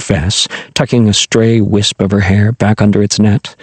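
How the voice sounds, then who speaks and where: Husky man narrating an audiobook. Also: lowish voice, unhurried, hardly any pauses, no echo. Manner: expressive, animated storytelling.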